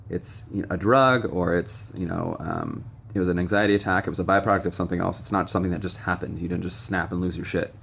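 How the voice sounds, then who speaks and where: A man's voice: low-pitched, fairly even intonation, quick pace, gravelly, few pauses, a bit bright, a little hiss or hum. A young man vlogging recovery advice in a frank, rambling way with many ums and some blunt swearing. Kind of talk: casual direct-to-camera monologue. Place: noisy room with stray tapping and beeping.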